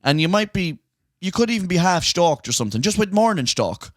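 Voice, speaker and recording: A man's voice: high-pitched, a little fast, no room sound, studio quality. A young Irish man co-hosting a podcast, telling a rowdy story in casual chat, swearing and acting out the people in it. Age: young adult. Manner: animated, swearing, acts out voices in his stories. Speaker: podcast co-host.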